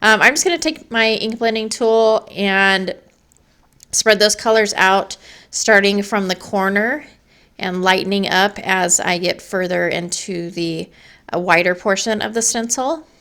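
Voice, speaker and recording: A woman's voice: medium pitch, unhurried, a bit bright, clear, resonant tone. A woman hosting a card-making tutorial in a casual voice-over, chatty with fillers, her voice a little worn. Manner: chatty, with fillers and small laughs. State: losing her voice.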